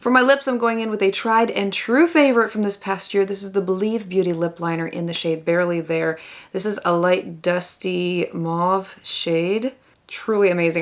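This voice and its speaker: A woman talking to camera in a makeup tutorial, enthusiastic and exclaiming over the products she applies. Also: mid-range voice. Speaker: beauty vlogger.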